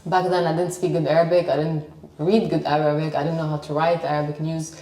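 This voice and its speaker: A woman's voice: sits low, level tone, brisk, warm tone. A middle-aged woman with a Lebanese accent, a sports presenter confidently telling her life story in an interview. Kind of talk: interview conversation. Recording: echoey room, mic at distance.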